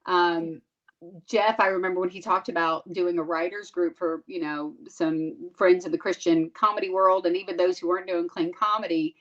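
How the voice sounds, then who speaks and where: A woman's voice: on the low side, steady tone, normal speed. A woman co-hosting a podcast, asking long rambling questions with many fillers. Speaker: podcast co-host. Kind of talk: casual podcast interview. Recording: dull lo-fi sound.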